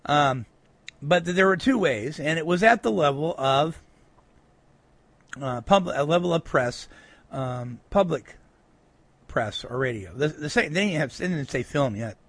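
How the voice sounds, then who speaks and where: A man's voice: a little high, animated, measured pace, pauses often, a bit bright, no echo. A man giving an emphatic talk at a recovery meeting, reading quotes aloud and breaking in with rhetorical asides.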